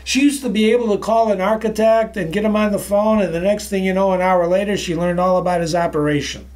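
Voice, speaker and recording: A man presenting a sales-training talk from his office, emphatic and energetic, moving around as he speaks and often addressing the audience as ladies and gentlemen. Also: high voice, fast. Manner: moves around while talking.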